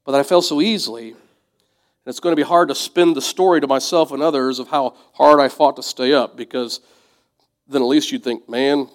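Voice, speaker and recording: A man preaching a sermon in a conversational, reflective way, dropping to soft asides. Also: medium pitch, brisk. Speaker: pastor.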